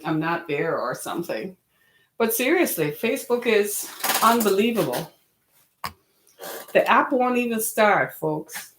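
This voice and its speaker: Woman host, casual chat to camera, tired and slightly wheezy, rambling and exasperated, mid-pitched voice, roomy echo. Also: slight background noise. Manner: chatty, exasperated, rambling asides. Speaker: web series host.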